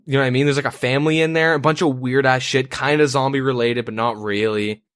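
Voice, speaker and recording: A man's voice: medium pitch, steady tone, quick pace, a bit bright, clear, resonant tone, dry recording, studio quality. A man co-hosting a podcast, telling a story in casual banter, profane and rambling with lots of fillers. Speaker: podcast co-host.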